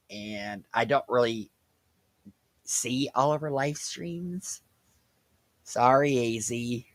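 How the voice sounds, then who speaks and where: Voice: mid-range voice, a bit bright, dry recording. A reaction commentator with a sarcastic, mocking way of talking.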